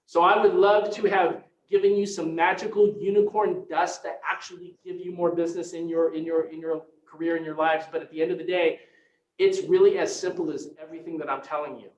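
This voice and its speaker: A man giving an energetic motivational sales coaching talk as a real estate team leader, acting out phone conversations in excited voices. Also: fairly high pitch, fairly quick, reverberant, highs cut off.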